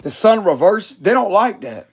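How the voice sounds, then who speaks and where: A lively, high-voiced man gives a casual tarot reading monologue at normal speed, his voice with a breathy edge. He's blunt, slangy and profane, and laughs often.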